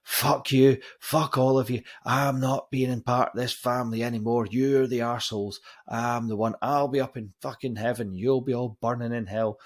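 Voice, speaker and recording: A man voicing his furious middle-aged father, who shouts and swears as he storms out on the family. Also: medium pitch, steady tone, normal speed, hardly any pauses, pitched above the performer's own voice, natural voice.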